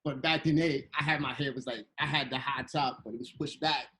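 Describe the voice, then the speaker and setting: A man telling a playful, animated story to children, slipping into voices as he goes, on a video call. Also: medium pitch, a little fast, poor audio. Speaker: guest illustrator and storyteller.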